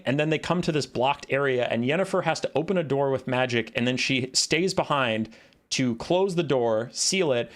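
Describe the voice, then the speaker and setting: A man casting a strategy game in a lively, animated voice that leaps around in pitch. He sits a little higher than most men. He talks casually and breaks into exasperated rants. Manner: animated, ranting, exasperated outbursts. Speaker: game caster.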